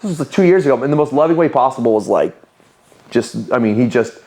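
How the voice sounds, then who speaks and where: A man tells personal stories in a relaxed podcast conversation. His voice sits at an ordinary middle pitch, and he talks candidly and with animation, acting out the voices of the people in his stories. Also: fairly quick. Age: 30s. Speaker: podcast guest, business owner. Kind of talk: casual interview storytelling.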